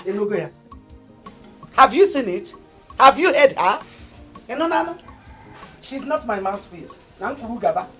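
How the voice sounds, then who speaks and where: A proud, wounded sister with a Nigerian accent who rails and wails at her family, her voice high and piercing. Music runs faintly under her lines like a movie soundtrack. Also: very animated, a little slow, pauses often, breathy edge, full character voice. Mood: indignant. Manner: indignant, shouting and crying. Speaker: sister-in-law. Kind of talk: Nollywood film acting.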